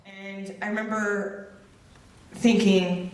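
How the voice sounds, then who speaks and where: A woman's voice: medium pitch, flat delivery, a little slow, far from the mic. A woman giving a motivational speech, telling a personal story with humor and direct lines. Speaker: motivational speaker. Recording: roomy echo, voice off mic.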